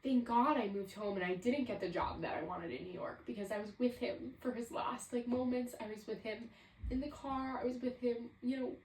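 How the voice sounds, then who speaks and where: A woman's voice: fairly high pitch, normal speed, darkish tone, slight background noise. Twentysomething woman rambling thru a solo podcast, says like a lot, roomy echo, bit far from the mic. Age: 20s. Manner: reflective, rambling, heavy use of "like". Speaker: podcast host. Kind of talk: casual solo podcast monologue.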